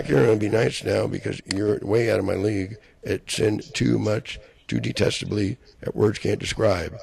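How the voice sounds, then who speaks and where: Gravelly low-voiced man ranting. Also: fairly even intonation, moderate pace. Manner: profane and accusatory, rambling with restarts, rising to shouts. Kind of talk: solo angry rant.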